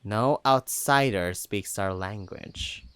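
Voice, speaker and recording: A reader voicing a stern, wary female wolf from a wolf tribe, speaking low and measured, in an audiobook reading of a furry fantasy story. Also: fairly bright tone, clear, resonant tone, no echo. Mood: grave.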